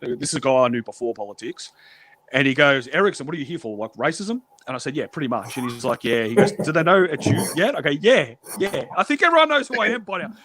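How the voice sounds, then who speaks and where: A man's voice: medium pitch, lively intonation, fast, fairly bright tone. A man telling prison stories on a stream in a blunt, profane way, acting out the exchanges he quotes. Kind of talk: casual storytelling.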